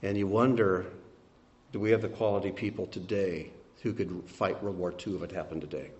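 An older man preaching a sermon as pastor, swinging between emphatic peaks and quiet, soft asides. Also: deep voice, fairly even intonation, a little fast, lo-fi sound.

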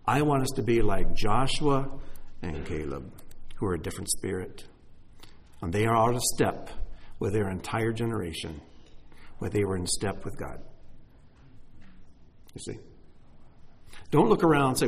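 A man, apparently middle-aged, preaching a sermon in an animated, emphatic way, speaking straight to his listeners. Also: lowish voice, normal speed, pauses often, slight background noise. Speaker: pastor.

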